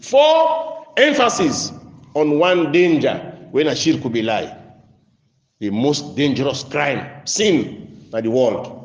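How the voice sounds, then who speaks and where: A man with a Nigerian Pidgin accent preaching a sermon. He recites verses slowly, then explains them in a rising, emphatic voice and drops to quiet asides. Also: mid-range voice, lively intonation. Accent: Nigerian Pidgin English. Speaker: Islamic preacher. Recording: roomy echo.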